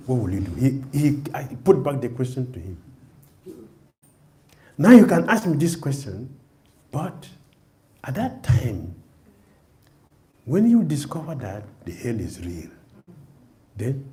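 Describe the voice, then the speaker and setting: A male swami giving a sermon, telling a story with lively voices. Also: medium pitch, a little slow, long pauses. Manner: animated, acts out the story in voices. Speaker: swami preacher.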